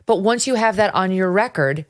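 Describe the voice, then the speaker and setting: A woman's voice: medium pitch, lively intonation, moderate pace. A woman in her fifties hosting a political talk show, speaking in an emphatic, impassioned way with occasional profanity. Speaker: host.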